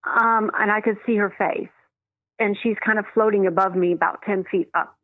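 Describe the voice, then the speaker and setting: A woman who works as a medium, telling stories in an animated way and acting out the voices in them. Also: mid-range voice, moderate pace, dry recording. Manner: animated, acts out quoted voices, laughs often. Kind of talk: storytelling in a phone interview. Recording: dry tinny phone line.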